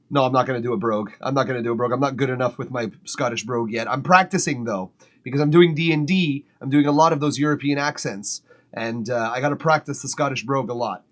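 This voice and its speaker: A man's voice: medium pitch, brisk. Laid-back chatty male streamer. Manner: relaxed, chatty, swears casually, laughs often. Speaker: music feedback stream host. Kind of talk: casual livestream chat. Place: home studio.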